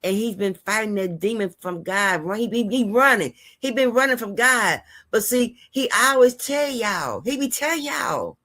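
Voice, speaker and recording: A woman's voice: fairly high pitch, animated, normal speed, hardly any pauses, fairly bright tone. A woman hosting her channel in a casual vlog monologue, chatty and rambling as she talks straight to her viewers and hands out heartfelt life advice. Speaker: host of a gossip and news channel.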